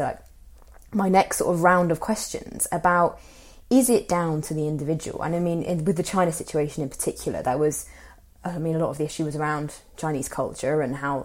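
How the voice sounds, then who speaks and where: A woman's voice: sits low, darkish tone. A woman interviewing a guest, building her questions thoughtfully with fillers.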